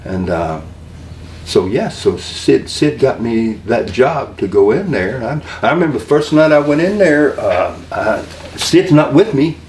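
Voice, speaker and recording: An older man tells folksy, rambling stories in a voice of middling pitch, doubling back and restarting as he goes. He sits well back from the mic in an echoey room, and a faint hum runs underneath. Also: sing-song, measured pace, a little mellow, distant mic. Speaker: interview guest. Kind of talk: storytelling interview.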